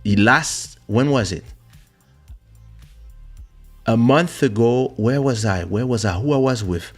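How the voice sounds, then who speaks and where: A man's voice: medium pitch, takes it slowly, soft background music. A man hosting a podcast, talking casually and telling a personal story, acting out the voices of the people in it. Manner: animated storyteller who acts out voices in quotes. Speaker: podcast host and musician. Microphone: studio podcast microphone.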